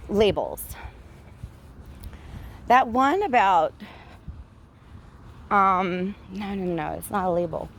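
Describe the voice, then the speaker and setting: A woman's voice: mid-range voice, animated, slow, long pauses, a little hiss or hum. A woman giving a blunt, profane, ranting monologue while walking outdoors, with frequent laughs, recorded on a handheld phone. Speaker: vlogger. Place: outdoors, walking near traffic.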